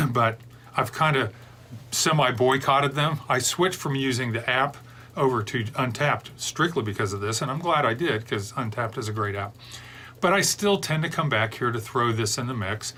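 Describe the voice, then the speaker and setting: A man's voice: medium pitch, lively intonation, moderate pace, bright, forceful tone, a little hiss or hum. A middle-aged man hosting a beer review show, chatting casually and drifting off into long digressions. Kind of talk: rambling casual chat.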